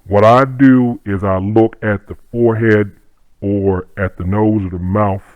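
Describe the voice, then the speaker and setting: A man's voice: on the low side, steady tone, measured pace, smooth, no room sound, muffled recording. A middle-aged man, a martial arts instructor, talking in a profane, rambling casual monologue.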